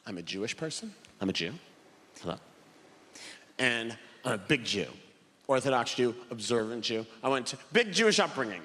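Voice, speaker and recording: A young man performing a stand-up routine on stage, telling animated stories and acting out the people in them. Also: medium pitch, moderate pace, long pauses. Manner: animated storytelling, acts out quoted voices. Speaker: stand-up comedian. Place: theater stage with live audience. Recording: live hall with room reverb.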